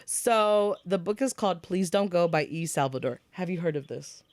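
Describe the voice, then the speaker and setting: A young woman co-hosting a podcast, chatting casually and telling animated stories about shows and books, acting out what people said. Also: on the low side, dry recording. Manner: rapid gossipy storytelling, acts out quotes. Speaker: podcast co-host. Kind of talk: casual chat.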